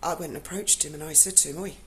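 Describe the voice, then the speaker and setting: Low-voiced blunt woman. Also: fairly even intonation, fast talker, fairly bright tone, a little hiss or hum. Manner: emotional, blunt, swears freely. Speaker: vlogger telling a personal story. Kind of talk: casual spoken storytelling.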